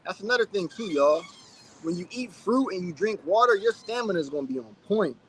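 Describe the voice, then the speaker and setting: A man's voice: sits high, lively intonation, fairly quick, a little hiss or hum. A man in his thirties hosting a casual livestream, chatting loosely and reading out viewer comments. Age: 30s. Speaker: channel host.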